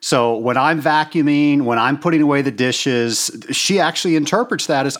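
A man's voice: a little high, moderate pace, fairly bright tone. A man hosting an interview, asking questions in a curious, inquisitive way. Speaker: interview host. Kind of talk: conversational interview.

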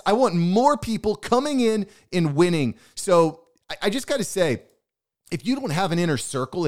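Podcast guy hyping up his listeners, pitch jumping all over, super emphatic. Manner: pumped-up motivational, emphatic. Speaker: podcast host. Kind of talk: solo business podcast monologue.

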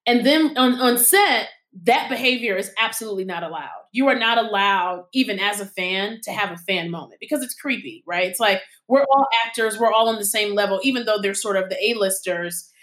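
A woman, an actor and acting coach, chatting as an interview guest and acting out the people in her stories with lively energy. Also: mid-range voice, a little fast, hardly any pauses. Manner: animated storyteller, acts out quotes. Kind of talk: casual interview conversation.

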